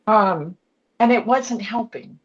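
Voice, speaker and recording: A woman's voice: medium pitch, slow. A woman in her sixties, an author and coach, earnestly telling her own family story as a podcast guest in short reflective phrases. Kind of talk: candid personal storytelling. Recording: dull lo-fi podcast audio.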